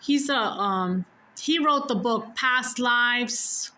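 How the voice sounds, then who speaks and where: A woman's voice: on the high side, takes it slowly, pushed and bright, low-quality recording. A woman telling a personal story in a casual, rambling way, correcting herself often and swearing freely.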